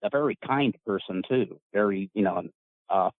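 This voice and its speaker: A man chatting on a podcast, telling animated stories and swearing freely. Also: lowish voice, moderate pace, no room sound. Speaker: podcast host and former wrestler. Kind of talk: casual podcast chat. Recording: dry, tinny phone-line sound.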